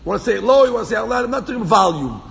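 A man teaching a Torah class to a small group in an animated way, repeating phrases for emphasis and mixing in Hebrew quotes. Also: sits high, rapid-fire, creaky. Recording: echoey hall, dull lo-fi sound with faint background hum.

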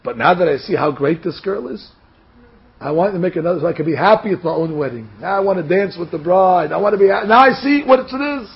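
A man's voice: sits high, expressive, fast, vocal fry, slightly rough, exaggerated voice. A man voicing an anxious humble young farmer who frets about being married off to a princess, complaining to himself. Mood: earnest. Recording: dull lo-fi recording.

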